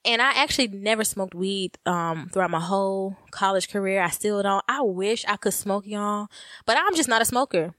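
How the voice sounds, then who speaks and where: A young woman, co-hosting a podcast, telling stories in a casual, animated way and laughing often. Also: mid-range voice, normal speed, dry recording, studio quality. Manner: animated, laughing often, addresses listeners as y'all. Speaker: podcast co-host. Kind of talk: casual storytelling chat.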